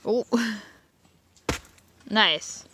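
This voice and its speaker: A woman's voice: a little high, drawn-out words, pushed and bright, slight background noise. A woman chatting casually for a family vlog, easily amused and talkative. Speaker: vlogger.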